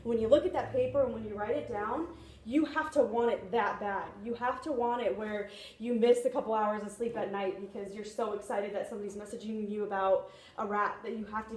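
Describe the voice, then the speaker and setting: A woman's voice: medium pitch, a little mellow. Chatty woman speaking in an echoey room. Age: young adult. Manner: chatty, often asks "you know what I mean?". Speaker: speaker at a sales training meeting. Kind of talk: motivational talk to a room. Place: meeting room.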